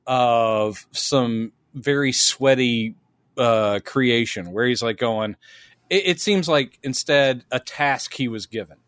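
Animated man telling a story. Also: mid-range voice, slow pace, no echo. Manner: animated storyteller, laughs at himself. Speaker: podcast co-host. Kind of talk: casual chat.

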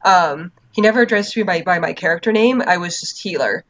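Low-voiced yet fairly bright, this female podcast co-host talks briskly with lively intonation. In a casual chat about a video game, she rambles through stories, laughing and using fillers often, all captured in dull lo-fi audio.

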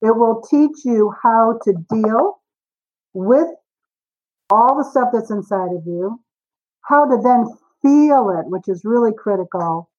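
A woman in her forties, a guest author on a podcast interview, telling stories with lively acted-out dialogue. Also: fairly high pitch, takes it slowly, dull audio. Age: 40s. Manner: animated storyteller, acts out dialogue.

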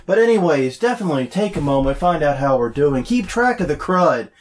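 A man with a head cold hosts a podcast. His voice sits a bit high and comes out nasal and congested. He chats loosely, jokes, and reads event listings at a brisk clip. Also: very animated. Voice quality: slightly nasal. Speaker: podcast co-host. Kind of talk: casual podcast chat. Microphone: desk mic, no lavalier.

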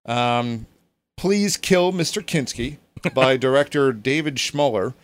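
Guy hosting a chill podcast, kinda rambly, lots of ums and uhs, middle pitch voice. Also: slow pace. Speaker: podcast host. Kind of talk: casual chat.

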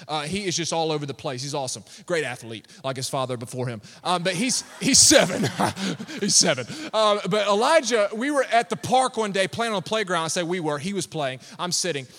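A pastor, preaching a sermon with animated storytelling and laughter. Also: male voice, high voice, brisk. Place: church hall. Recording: long reverb of a church hall.

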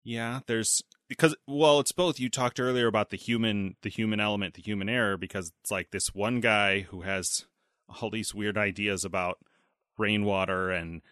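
Bright, dry-sounding man chatting about films. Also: fairly low pitch, no room sound. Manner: animated, acts out movie lines in quick voices. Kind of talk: casual film discussion podcast.

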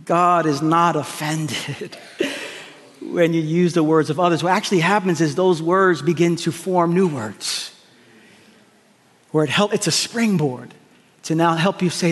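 High-voiced preacher man in an echoey hall. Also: expressive, a bit bright. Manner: emphatic, repetitive preaching with quick asides to the congregation. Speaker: pastor. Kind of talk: sermon. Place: large church hall with congregation.

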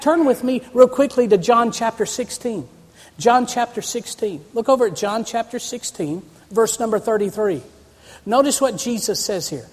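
Man, pastor, sermon, high voice, call-and-response, church sanctuary, long hall reverb. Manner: preaching with call-and-response to the congregation.

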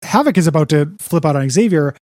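A man's voice: fairly high pitch, lively intonation, brisk, darkish tone, dry recording, studio quality. A man co-hosting a podcast, recapping a comic book in casual, rambling chat full of "you know" and "like". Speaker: podcast co-host.

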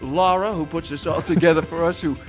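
A man's voice: a little high, fairly even intonation, a little fast, soft background music. A man co-hosting a podcast in casual chat, playful and teasing, laughing often. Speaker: podcast co-host.

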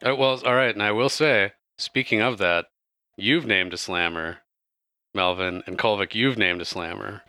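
A man's voice: lowish voice, moderate pace, bright, forceful tone, clean tone, no room sound. A man running a tabletop game as game master, narrating in a loose, chatty way.

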